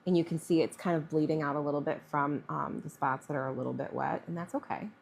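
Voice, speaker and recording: A woman's voice: sits low, fairly even intonation, fast talker, gravelly, darkish tone, slight background noise. A woman artist talking through a live painting demonstration in a chatty way, thinking aloud with fillers. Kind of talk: live-streamed painting demo.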